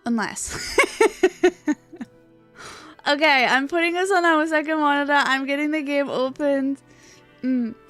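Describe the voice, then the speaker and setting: A young woman streaming live greets her chat with high excitement, bubbly and chatty as she rambles casually with some swearing. She speaks at a measured pace with frequent pauses, and faint music plays behind her.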